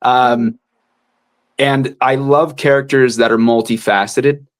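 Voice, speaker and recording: A man who narrates audiobooks, chatting casually in an interview and sometimes dropping into quick character voices. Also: medium pitch, fairly even intonation.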